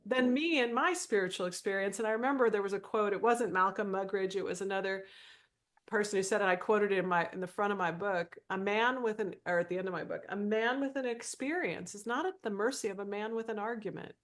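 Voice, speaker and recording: A woman's voice: mid-range voice, fast talker. A woman with an ordinary mid-range voice recounts a past conversation on a podcast. She tells it animatedly, jumping into the voices of the people she quotes. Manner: animated storyteller, acts out quoted dialogue. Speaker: podcast co-host, former minister. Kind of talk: storytelling in casual conversation.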